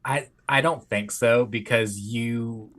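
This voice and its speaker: A man's voice: mid-range voice, steady tone, slow pace, fairly bright tone. Comedian guy on a podcast, blunt, goes on rants, laughs. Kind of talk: casual comedy chat.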